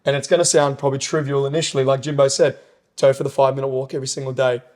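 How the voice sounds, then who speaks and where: A man's voice: mid-range voice, level tone, rapid-fire, a little mellow. Enthusiastic rambling man. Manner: enthusiastic, rambling, swearing, quoting sayings. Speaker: podcast co-host and personal trainer. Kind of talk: casual podcast chat.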